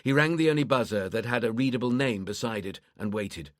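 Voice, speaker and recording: A man reading a crime thriller audiobook in a steady, measured narration. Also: mid-range voice, dry recording, studio quality.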